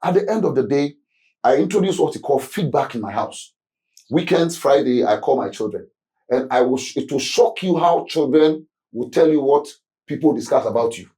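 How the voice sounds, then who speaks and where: A Ghanaian man with a dark, mellow voice tells lively stories on a talk show. He acts out the voices of his family as he goes, and his English is mixed with Twi. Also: mid-range voice, normal speed. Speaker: guest, youth movement leader. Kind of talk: storytelling talk-show guest. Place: studio.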